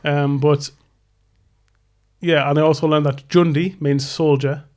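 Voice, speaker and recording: A man's voice: fairly high pitch, level tone, measured pace, darkish tone. A man, co-hosting a podcast in crude, joking casual chat. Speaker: podcast co-host.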